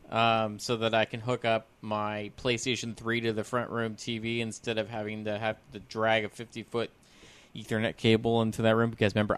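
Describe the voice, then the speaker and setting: A man co-hosting a podcast, speaking in a halting way as he searches for words. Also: lowish voice, a bit bright, clean tone. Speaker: podcast co-host. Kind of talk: casual podcast chat.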